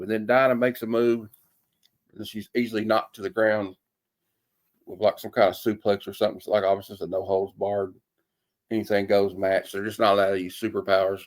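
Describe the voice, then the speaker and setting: A man's voice: on the low side, fairly even intonation, fairly quick. A man casually reviewing a comic, rambling along with many fillers and folksy sayings.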